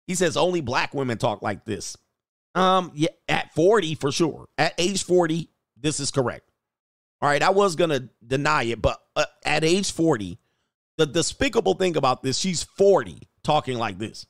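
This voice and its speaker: In a dry, studio-quality recording, a livestream host with a creaky mid-range voice reads viewer super chats and reacts to the news. He's casual but mocking and preachy, stretching out words for effect.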